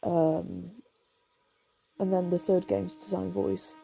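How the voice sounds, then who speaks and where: A woman in her thirties with vocal fry, tired from lack of sleep, chatting casually and rambling with lots of fillers while playing a video game. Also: on the low side, little pitch movement, measured pace, warm tone, soft background music. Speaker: game streamer. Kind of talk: casual let's-play commentary.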